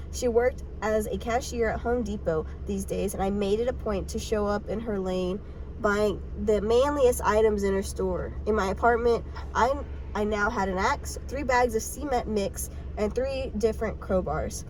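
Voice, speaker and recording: A woman's voice: medium pitch, darkish tone, slight background noise, low-quality recording. A woman casually reading a novel aloud in a parked car, with stumbling restarts and swearing asides. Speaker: audiobook reader.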